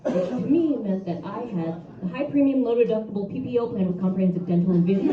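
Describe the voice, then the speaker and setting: A woman's voice: mid-range voice, fast, few pauses, crowd noise. A woman performing a stand-up comedy set at a brewery open mic, telling crude stories in a bold, chatty way. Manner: bold, crude, conversational storytelling. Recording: roomy, distant, dull, noisy live room.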